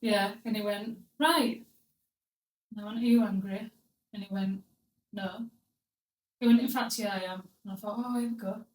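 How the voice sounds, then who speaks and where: A woman's voice: medium pitch, normal speed, pauses often, far from the mic. A young woman telling a story on a casual podcast, blunt and crude with comic timing. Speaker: podcast host. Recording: roomy, a bit off-mic.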